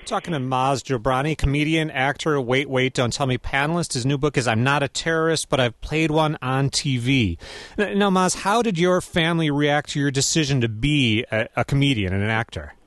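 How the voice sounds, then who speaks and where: A man's voice: mid-range voice, moderate pace, a bit bright, no echo. A man hosting a radio interview in a conversational way, asking his guest open questions.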